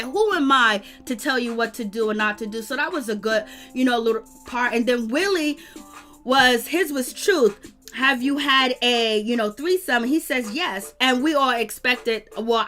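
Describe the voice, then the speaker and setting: A woman, chatting casually and animatedly while she recaps a reality show live. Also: high-pitched. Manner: animated, slangy, breaks into quick prayer. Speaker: reality TV reviewer.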